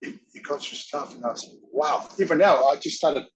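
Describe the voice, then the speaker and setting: A man interviewed as a guest, telling stories in a rambling, excitable way, acting out quotes and swearing now and then. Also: a little high, highs cut off, crowd noise. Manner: excitable rambling storyteller, acts out quotes, swears, halting grammar. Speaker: interview guest, former wrestler and actor. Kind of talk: casual storytelling.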